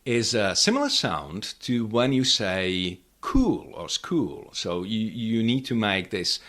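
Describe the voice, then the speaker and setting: A man with a low voice gives a pronunciation lesson, speaking slowly and carefully. His pitch rises and falls a lot as he models each sound, and he repeats example words so learners can copy them. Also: big pitch swings, fairly bright tone. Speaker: language teacher.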